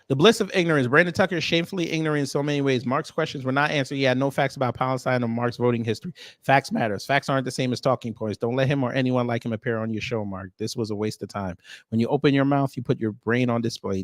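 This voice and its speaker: A man's voice: medium pitch, fast talker, dry recording. Man drawling wry reaction commentary. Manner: wry, drawling asides between read-out comments. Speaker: reaction video host.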